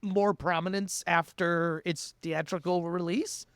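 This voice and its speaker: A man co-hosting a podcast in casual chat, eager and quick to react. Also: high voice, fairly even intonation, fairly bright tone, clear, resonant tone, no room sound.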